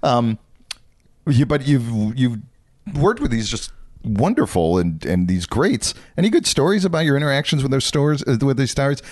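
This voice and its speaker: Lively, joking middle-aged man interviewer. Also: medium pitch, normal speed, dry recording, studio quality. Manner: chatty, joking, fillers and restarts. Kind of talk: casual interview chat.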